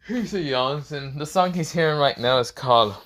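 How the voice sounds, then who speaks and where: Guy rambling thru a fan story off the cuff, bright voice, lots of "this is where, well". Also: fairly high pitch, normal speed. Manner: rambling, with frequent fillers and restarts. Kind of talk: casual improvised story narration.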